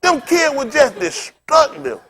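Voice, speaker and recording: High, lively-voiced male pastor preaching. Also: a little slow. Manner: animated, colloquial, often laughing while telling stories. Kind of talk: sermon with humorous storytelling.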